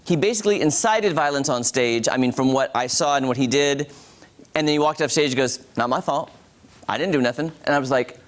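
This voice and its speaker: A man reviewing TV shows on a morning show, chatty and talking straight to viewers. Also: medium pitch. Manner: chatty, animated, addresses viewers as guys. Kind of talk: casual TV review.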